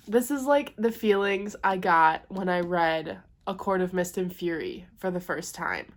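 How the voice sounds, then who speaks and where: A young woman chatting at home in a casual book vlog, gushing and excitable. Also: lowish voice. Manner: gushing and excitable, quick to squeal. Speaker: book vlogger.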